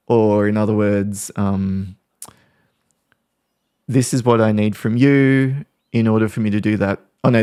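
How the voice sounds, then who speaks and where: A man hosting a podcast, calmly explaining ways to handle conflict with examples from family life. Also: on the low side, creaky, dry recording, studio quality. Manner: calm, explanatory, talks through examples. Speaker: podcast host. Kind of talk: podcast talk on parenting conflict.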